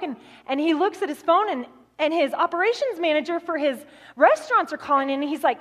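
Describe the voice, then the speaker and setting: High-voiced woman preaching in a hall. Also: fairly quick. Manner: animated storytelling, acting out voices. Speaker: guest speaker. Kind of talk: sermon.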